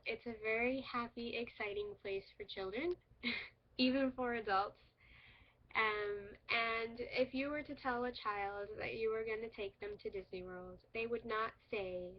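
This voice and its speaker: A young woman gives a recorded English lesson on punctuation, explaining each example in a clear, patient way and laughing lightly now and then. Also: on the high side, steady tone, moderate pace, lo-fi sound. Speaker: English teacher applicant. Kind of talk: recorded teaching demo.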